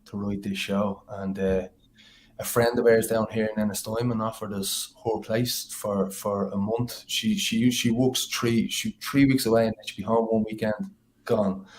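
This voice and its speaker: A man's voice: lowish voice, slight background noise, poor audio. Laid-back Dublin man rambling. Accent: Dublin Irish. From Dublin, Ireland. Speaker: guest musician. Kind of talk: casual chat.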